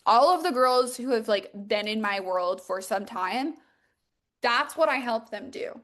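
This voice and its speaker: A woman's voice: a little high, lively intonation, measured pace, a bit bright. A young woman hosting a podcast as a mindset coach, talking in a casual, emphatic motivational monologue full of "like" and swearing. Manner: casual, emphatic, swears freely, many fillers.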